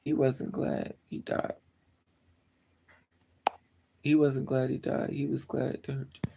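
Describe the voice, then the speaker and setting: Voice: mid-range voice, little pitch movement, takes it slowly, creaky, noisy background. A livestreamer telling a personal story to live chat in a casual way, talking bluntly with swearing and often repeating and correcting themselves.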